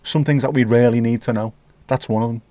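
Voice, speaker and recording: This man runs a relaxed livestream where he quickly reads comments out loud, joking and cursing in a teasing way. The audio is close and dry, with no echo, and his pitch sits in the middle range.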